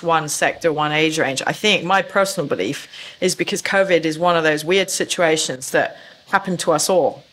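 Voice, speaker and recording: A woman's voice: fairly low pitch, a bit bright. A woman recruitment consultant speaking as a podcast guest, explaining fluently and confidently. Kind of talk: podcast interview.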